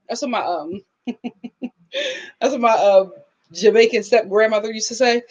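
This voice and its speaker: A woman's voice: on the high side, animated, normal speed, a little mellow, slightly rough. A woman hosting a casual live-stream review of a reality show, chatting with viewers and sometimes singing her greetings, on a muffled livestream recording.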